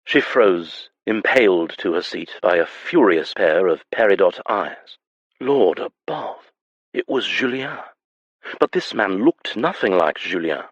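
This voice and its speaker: A man reading a historical romance audiobook in a measured, even manner. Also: sits low, no room sound, muffled recording. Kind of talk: scripted audiobook narration.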